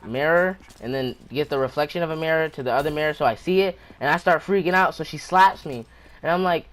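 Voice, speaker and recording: A man's voice: on the high side, fast talker, fairly bright tone. A man hosting his own channel, telling a personal story time tale in a rambling, breathless way, often restarting his sentences. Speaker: channel host.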